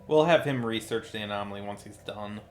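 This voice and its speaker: Man, game streamer, casual commentary, tired and low-key, wry remarks, faint background hiss. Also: brisk.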